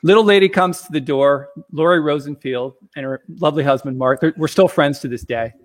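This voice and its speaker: A man's voice: on the high side, fairly quick. A man casually telling a personal story as a guest, rambling, with plenty of fillers and chuckles.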